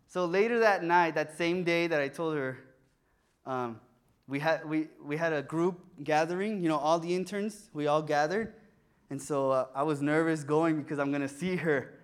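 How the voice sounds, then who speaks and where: Animated young man preaching. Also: fairly high pitch, moderate pace, clear, resonant tone. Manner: animated storytelling, acting out voices. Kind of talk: sermon with personal story.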